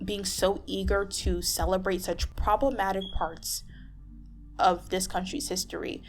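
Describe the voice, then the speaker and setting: A woman rants to camera in a casual vlog, exasperated and restarting her sentences often. Her voice has a gravelly fry. Soft music plays faintly underneath. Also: mid-range voice, fairly even intonation, a little slow. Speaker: vlogger.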